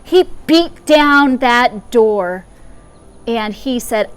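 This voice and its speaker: A woman's voice: on the high side, slow pace, smooth. A woman chaplain giving a spoken meditation, retelling a parable in a conversational way with personal asides.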